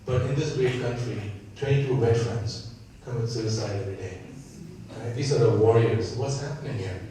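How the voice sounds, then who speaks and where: A man's voice: mid-range voice, moderate pace, warm tone, slight background noise. A man with an Indian accent moderating a panel discussion, earnest and often checking in with "right?". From San Diego. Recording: echoey room, from far off.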